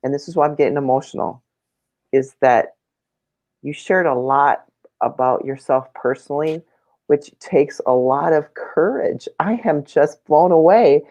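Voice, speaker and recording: Hosting a casual conversation, a woman speaks in a low, mellow voice at a slightly slow pace. She talks earnestly and restarts her sentences when she's moved.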